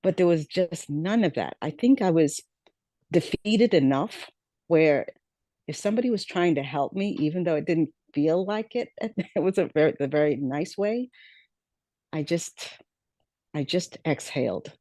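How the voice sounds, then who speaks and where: A woman's voice: sits low, animated, a little slow, warm tone, no room sound. A woman guest on a podcast telling her life story, reflective and repeating key phrases for emphasis. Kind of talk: storytelling interview.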